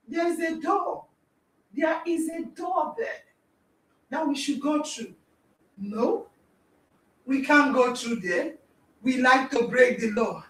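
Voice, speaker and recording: A Nigerian woman with a very high voice that swoops widely, talking slowly and acting out little scenes with loud exclamations. She sounds some way from the mic, in a roomy, echoey space. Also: big pitch swings. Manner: dramatic, acts out scenes, exclaims and yells. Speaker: podcast host. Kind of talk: animated motivational talk. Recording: echoey room, distant mic.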